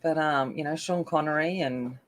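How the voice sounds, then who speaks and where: A woman's voice: low voice, moderate pace. A middle-aged woman from North Queensland with an Australian accent, chatting casually while colouring, giggly and rambling with lots of fillers. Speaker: colouring channel host.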